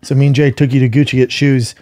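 A man's voice: medium pitch, flat delivery, quick pace, dark tone. A man co-hosting a podcast in casual chat, teasing his partner and chiming in with jokes. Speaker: podcast co-host.

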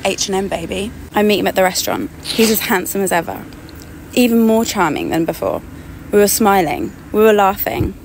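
A woman's voice: medium pitch, big pitch swings, brisk, vocal fry, darkish tone, slight background noise. A woman telling a dating story in a dramatic, sarcastic storytime monologue. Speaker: storyteller in a clip being reacted to.

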